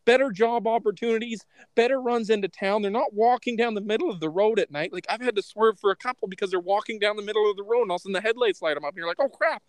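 A man hosts a casual podcast and makes his case point by point, swearing casually along the way. His voice is high for a man. It is recorded dry and close, with no room sound. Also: very fast, few pauses, no echo. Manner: opinionated, swears casually, argues points in order.

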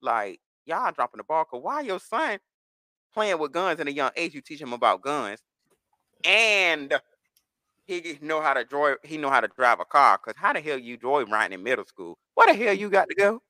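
Bright sharp voice, swings up and down a lot, ranting, dry close sound. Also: medium pitch, normal speed, dry recording. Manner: expressive, ranting. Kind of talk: casual chat.

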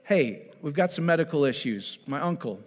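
Animated preacher man in a reverberant hall. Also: a little high, moderate pace. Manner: animated, keeps checking in with the audience. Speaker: pastor. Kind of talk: conversational sermon to a congregation.

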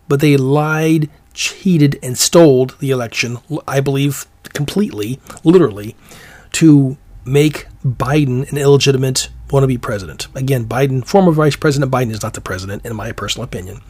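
A man hosts his own commentary show and works through his views in a loose, meandering monologue. His voice sits in a middle pitch, and he often stops and starts mid-sentence. The sound is dry and close, with no room around it. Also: dry recording. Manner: rambling, many restarts and fillers. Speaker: commentary podcast host. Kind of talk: rambling opinion monologue.

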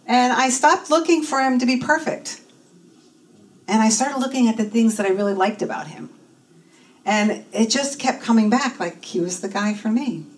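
A woman's voice: on the high side, moderate pace. A woman in her fifties giving a personal testimony at church, telling her story and acting out the voices of people she quotes. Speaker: church speaker and minister in training. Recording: voice from a distance in a room, faint noise.

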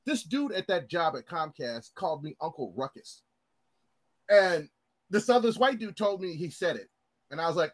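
A man's voice: high-pitched, normal speed. A man in casual chat, telling heated stories with lots of profanity and acting out the people he quotes. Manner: animated storyteller, profane, acts out quoted voices.

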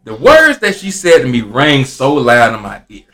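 A man with an Atlanta accent, a postal supervisor, telling a story in casual chat and acting out the people in it. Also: normal speed. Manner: animated, acts out quotes with big pitch jumps. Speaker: postal supervisor, guest co-host.

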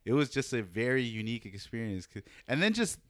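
A young man chatting casually, telling a story with lots of animated retelling and casual swearing. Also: mid-range voice, a little fast, no echo. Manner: animated storytelling, acts out quoted voices, laughs often, swears casually. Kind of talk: casual chat.

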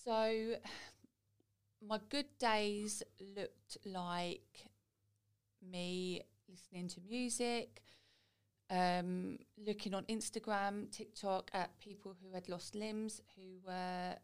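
A woman's voice: mid-range voice, fairly even intonation, takes it slowly, clear, resonant tone. A woman guest telling her own story in a chatty, candid way. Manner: chatty, quotes people in little voices.

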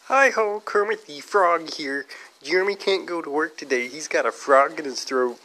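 A man doing a Kermit the Frog impression in a voice message, pitched high and nasal. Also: normal speed, sharp tone. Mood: cheerful.

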